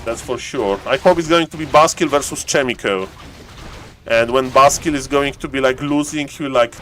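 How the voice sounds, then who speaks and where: A man casting a strategy game live on stream, joking around and yelling excitedly when fights break out. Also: normal speed, faint music behind. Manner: playful, jokey, bursts into excited high-pitched yelling in fights. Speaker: esports caster.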